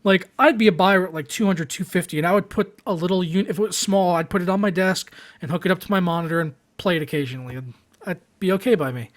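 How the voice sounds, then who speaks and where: A man's voice: sits high, fast. A young man hosting a gaming live stream, giving his opinions in casual chat and calling on viewers for questions.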